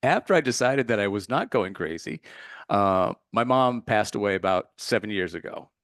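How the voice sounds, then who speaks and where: A man with a fairly low voice tells an earnest, reflective story as a podcast guest. He often searches for the right word as he goes. The sound is dry and close, with no room in it. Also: lively intonation, moderate pace, a bit bright, dry recording. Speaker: meditation teacher, podcast guest. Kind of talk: casual interview storytelling.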